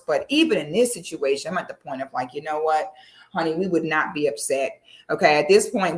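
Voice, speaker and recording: A woman's voice: fairly low pitch, a bit bright. A woman giving casual reaction commentary, sassy and exclamatory, speaking straight to her viewers.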